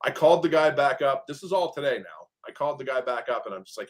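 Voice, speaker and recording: A man's voice: medium pitch, animated, a little fast. A man in casual podcast chat about managing rental properties, telling stories and acting out quoted exchanges with lots of fillers. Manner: storytelling, acts out quoted exchanges, many fillers.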